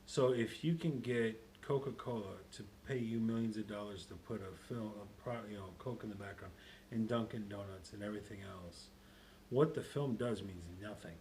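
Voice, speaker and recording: A man rambling through a loose chat, joking as he goes. His talk is casual and unhurried. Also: on the low side, darkish tone, a little hiss or hum. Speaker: co-host.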